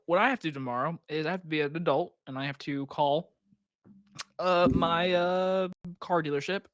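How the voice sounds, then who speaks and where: A young man co-hosting a podcast in casual chat, animated and ranting, swearing freely. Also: on the high side, dry recording, studio quality. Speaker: podcast co-host.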